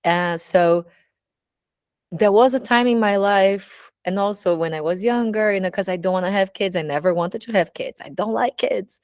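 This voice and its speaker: A woman's voice: mid-range voice, moderate pace, a little mellow, no echo, studio quality. A woman with a Brazilian accent, a burlesque teacher speaking candidly in a casual personal monologue, full of "you know, like" fillers.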